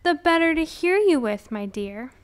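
A woman's voice: sits high, expressive, moderate pace, pitched above the performer's own voice. A woman voicing a sly, hungry male wolf in a children's storybook. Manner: sly, wheedling.

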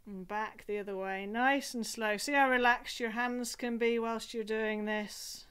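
Woman, Scottish accent, singing teacher, smooth clear voice, slightly high, chatty and encouraging. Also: steady tone, a little slow. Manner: gentle, encouraging, chatty with light laughs. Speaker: singing group leader. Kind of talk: online vocal warm-up class. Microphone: home recording for video.

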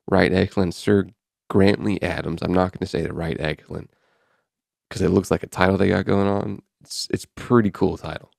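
Low gravelly man chatting on a podcast. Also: steady tone, normal speed, a little mellow, dry recording, clean studio sound. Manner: offhand, wry, reads out and riffs on headlines. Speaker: podcast host. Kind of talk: casual podcast chat, reading news aloud.

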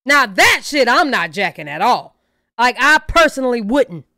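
High bright-voiced woman giving blunt opinions. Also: moderate pace, no echo, studio quality. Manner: blunt, profane, animated opinions with slang. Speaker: reaction channel host. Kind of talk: casual reaction commentary.

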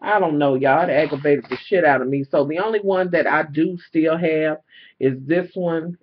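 A man selling jewelry chats casually to camera in a vlog, venting in an exasperated way with lots of fillers and free swearing. His voice is fairly high and moderately paced. It was recorded indoors at home on a camera mic, giving dull lo-fi audio with a little hiss or hum.

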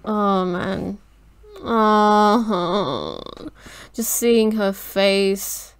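A woman's voice: mid-range voice, big pitch swings, extremely slow, clean tone, no room sound. A woman reacting to an anime episode, distraught and swearing as she talks back at the screen. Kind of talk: emotional reaction commentary.

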